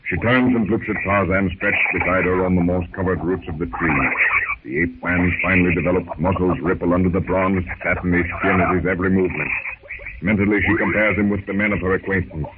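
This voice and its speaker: Male serial narrator, measured, lowish voice, hissy thin old radio. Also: steady tone, phone-quality sound. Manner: measured, descriptive. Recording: scratchy 1930s radio with hiss.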